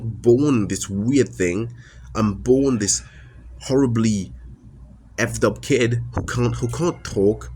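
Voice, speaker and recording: There's a little hiss or hum under this man's lowish voice. Speaking straight to camera as a vlogger, he gives an emotionally raw, frustrated personal confession, and his words halt repeatedly with restarts and fillers.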